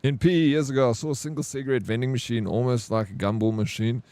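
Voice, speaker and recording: South african man, thirties, game streamer, rambling storyteller, mellow tone, dry close sound. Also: medium pitch, fast, dry recording. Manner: laid-back rambling storyteller, laughs easily. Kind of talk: casual livestream chat.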